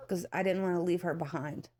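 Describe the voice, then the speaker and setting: A woman's voice: lowish voice, steady tone, a little fast. A young woman vlogger talking through near tears, heartfelt and rambling with many fillers, as she shares a personal story. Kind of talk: emotional personal commentary. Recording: child noise in the background. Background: child yelling nearby.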